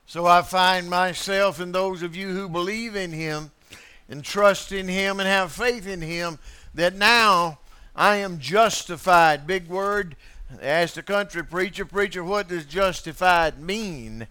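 A man with a high, clear, resonant voice delivers a sermon at an unhurried pace. He swings from loud, ringing declarations to quiet, hushed asides. He repeats key phrases for emphasis. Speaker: preacher.

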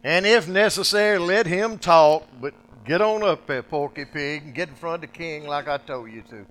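A man's voice: medium pitch, a little slow, fairly bright tone, in a large hall, voice pushed up, close to an everyday voice. Blunt, impatient God, as a man puts him on. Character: commanding, impatient male God.

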